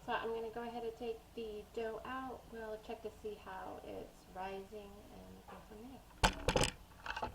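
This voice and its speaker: A woman who vlogs about home cooking tells rambling, casual stories while baking bread in her kitchen. Her mid-range voice is level in tone, a little slow, and creaky. The audio sounds roomy and very noisy.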